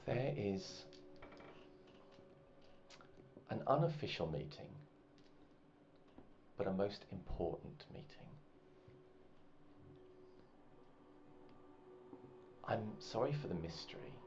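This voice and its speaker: A man voicing a secretive wealthy woman with an unblinking stare, speaking low and half whispered. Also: lively intonation, moderate pace, a little mellow, a little hiss or hum, lightly acted. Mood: hushed, conspiratorial. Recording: muffled, with faint music.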